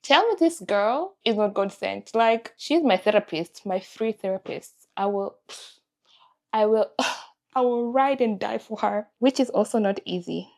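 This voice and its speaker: A woman's voice: medium pitch, expressive, unhurried, vocal fry. Confiding young woman. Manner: candid, emotional, confiding. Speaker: vlogger. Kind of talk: confessional vlog talk.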